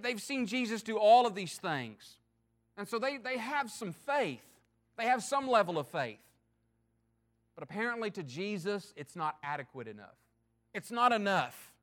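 Male pastor with a high voice, earnest and emphatic sermon delivery. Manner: earnest, emphatic preaching with swings in loudness and pace.

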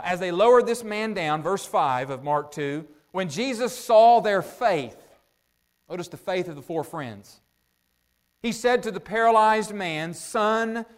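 A man preaching a sermon in a conversational way, asking his listeners rhetorical questions and pausing often with "uh" as he thinks out loud. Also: on the high side. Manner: thinks out loud with frequent "uh" pauses.

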